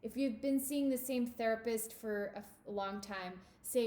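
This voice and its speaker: A woman's voice: on the high side, moderate pace, few pauses, a little mellow, echoey room. A woman giving a tarot reading straight to the listener, intimate and emphatic, calling them darling and babe. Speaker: tarot reader.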